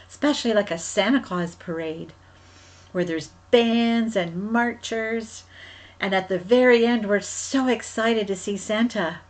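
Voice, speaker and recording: Casting: woman as a children's ministry leader, gentle storyteller, keeps asking the kids questions, mid-pitched voice. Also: poor audio. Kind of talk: Bible story told to children.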